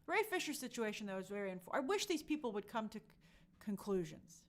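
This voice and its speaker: A woman's voice: mid-range voice, fast talker. A woman hosting a casual live stream, reading viewer comments and chatting about entertainment news. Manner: animated, reads chat aloud, jumps into put-on quotes. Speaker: livestream host.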